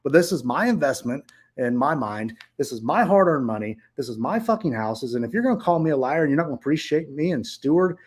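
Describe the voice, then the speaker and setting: A man's voice: mid-range voice, animated, fairly quick, slightly rough. A middle-aged man who owns short-term rentals, telling viewers a story in a blunt, profane, heated way.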